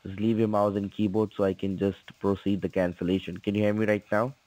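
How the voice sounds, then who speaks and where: A man's voice: lowish voice, little pitch movement, a little fast, mellow. A man on a phone call, insisting in broken English and repeating "sir" and "okay". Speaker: phone scammer.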